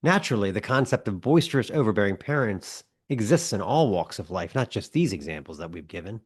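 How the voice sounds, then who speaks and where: A man co-hosting a comedy podcast, telling wry stories and acting out yelling dads. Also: on the low side, very animated, a little fast, slightly rough. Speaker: podcast co-host.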